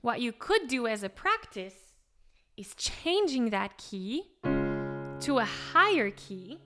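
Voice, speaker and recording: A woman vocal coach explaining pitch step by step in an encouraging way, with short sung demonstrations. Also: very animated, takes it slowly, over music. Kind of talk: singing lesson with sung demonstrations.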